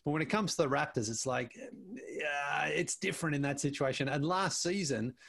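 A man, a guest who is a basketball show panelist, chatting casually in an interview and telling animated stories full of restarts and repeated words. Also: a little high, normal speed, gravelly.

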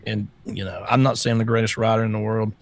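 A man's voice: on the low side, level tone, quick pace. A man co-hosting a casual political talk show, blunt and sarcastic and swearing freely.

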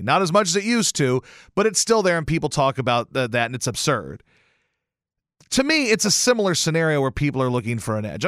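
A male radio host telling a casual story with lots of swearing and sudden loud exclamations. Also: mid-range voice, no room sound, clean studio sound. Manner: animated, profane, bursts into loud exclamations. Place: radio station studio.

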